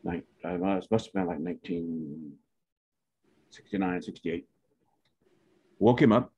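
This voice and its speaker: A man in his 70s from Pawnee, Oklahoma, shares a folksy, meandering personal story about his family at a measured pace, stopping to correct himself. His low voice is gravelly, darkish and breathy, swinging widely in pitch. It's captured in a dull lo-fi recording.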